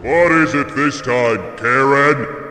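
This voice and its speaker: A man voicing a weary, stern God in a cartoon, scolding a complaining worshipper, with a booming reverb effect. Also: takes it slowly. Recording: echoey hall with music.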